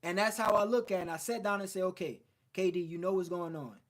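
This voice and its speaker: Blunt high-voiced male coach. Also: quick pace. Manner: blunt, profane, storytelling. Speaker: men's self-improvement coach. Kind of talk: casual motivational livestream talk.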